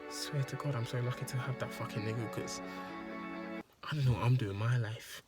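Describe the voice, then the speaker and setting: A man's voice: medium pitch, moderate pace, loud music behind the voice. A man telling an emotional story in a rambling, profane monologue that repeats itself. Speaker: vlogger.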